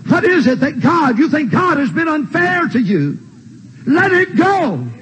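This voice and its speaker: An older man preaching a sermon in a church, emphatic and repetitive, with shouted refrains. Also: very high-pitched, sing-song, unhurried, muffled recording. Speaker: pastor. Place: church sanctuary.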